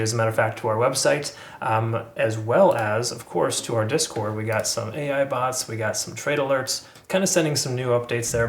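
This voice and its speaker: A man's voice: mid-range voice, roomy sound. A man hosting a channel, casually talking through price charts with lots of fillers and self-corrections. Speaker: crypto channel host. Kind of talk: casual chart analysis commentary.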